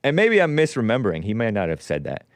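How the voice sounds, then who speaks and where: A man in his forties hosting a call-in show, giving rambling, sarcastic, animated political commentary. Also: lowish voice, fast, dry recording, studio quality. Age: 40s.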